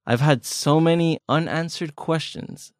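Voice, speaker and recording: A man's voice: on the high side, a little slow, no echo, studio quality. A man co-hosting a casual language-learning podcast, explaining with jokes and everyday examples. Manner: chatty, joking, explains with examples. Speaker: language lesson co-host.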